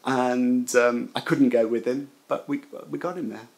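A British man telling a personal memory in an animated way, acting out what others said. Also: mid-range voice, measured pace, gravelly, rough recording. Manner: animated storytelling, acts out quotes. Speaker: interviewee. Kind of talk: personal recollection.

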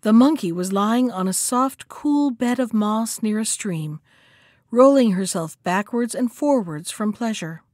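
A woman reading a folktale aloud as a storyteller, lively in the quoted lines. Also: on the high side, measured pace, no echo, studio quality. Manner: expressive, acts out the characters' lines.

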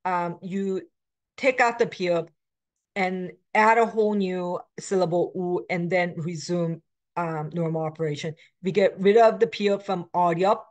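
A woman's voice: on the low side, steady tone, fairly quick. A middle-aged woman giving a recorded lecture as a language instructor, explaining grammar patterns with many fillers and self-corrections, reading example words aloud between her explanations. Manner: switches between English and Korean examples.

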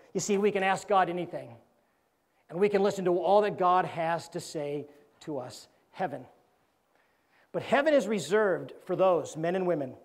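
A man, an evangelist preacher, delivering a sermon in a church and telling a joke with animated character voices. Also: sits high.

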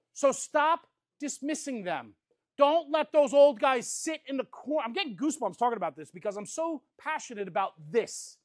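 A man's voice: extremely high pitch, dry recording, clean studio sound. Passionate, blunt male fire service speaker. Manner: passionate, blunt, sometimes profane. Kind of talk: motivational conference talk.

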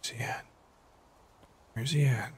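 A man's voice: unhurried, a little hiss or hum. A middle-aged man streaming a survival game, chatting casually, thanking viewers and swearing at scares. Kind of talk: casual live gameplay commentary.

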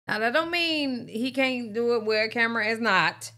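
A woman's voice: a little high, lively intonation, normal speed, sharp tone. A woman hosting a reaction video, dropping amused, casual comments between clips. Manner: amused, laughing asides. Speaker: reaction channel host.

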